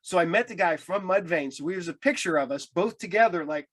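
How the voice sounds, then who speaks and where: A man's voice: high voice, expressive, brisk, a bit bright. A man hosting a podcast, telling rambling anecdotes in casual chat with many restarts. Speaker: podcast host.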